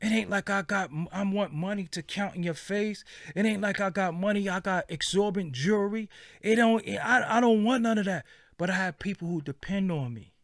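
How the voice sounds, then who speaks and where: A man ranting hard at his viewers, swearing freely and hammering his points with repeated lines. His voice sits slightly high for a man. The sound is dry and close, with no room around it. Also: fairly bright tone, no echo. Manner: heated, profane and emphatic, repeating phrases for stress. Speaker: vlogger. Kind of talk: impassioned rant to viewers.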